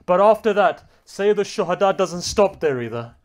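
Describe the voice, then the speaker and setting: A man's voice: high voice, animated, moderate pace, hardly any pauses. A man delivering a Muharram sermon, retelling a story with rising and falling emotional intensity. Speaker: religious speaker.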